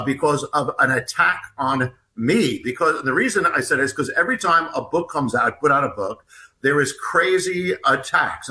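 A man who is an author and a guest in a conversation, telling a story in an earnest, halting way and retelling what was said. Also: fairly high pitch, bright, forceful tone, poor audio.

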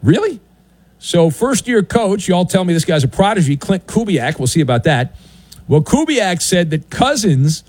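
A man's voice: high voice, very animated, moderate pace, a little mellow, husky, dry recording. A man hosting a sports talk radio show in a studio, delivering a sardonic, theatrical monologue with swooping announcer flourishes. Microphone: studio broadcast mic.

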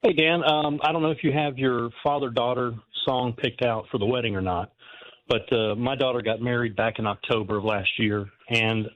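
A man calling a radio show, speaking earnestly with small pauses. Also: medium pitch, steady tone, fairly bright tone. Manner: earnest, halting. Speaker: caller. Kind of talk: phone-in call. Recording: tinny phone line.

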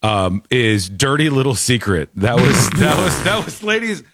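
A man hosting a talk show, chatting casually in a rambling, animated way and laughing often. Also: mid-range voice, measured pace, no echo, studio quality. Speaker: radio show host.

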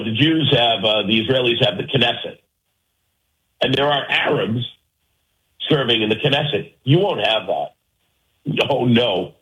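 A man's voice: medium pitch, fairly bright tone, rough recording. A man hosting a call-in radio show, arguing his point emphatically and firing rhetorical questions at his listeners. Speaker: talk radio host.

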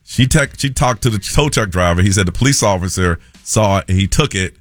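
A man, a morning radio host telling a story in an animated way and acting out the people in it. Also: lowish voice, brisk, no room sound. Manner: animated storyteller, acts out quoted voices.

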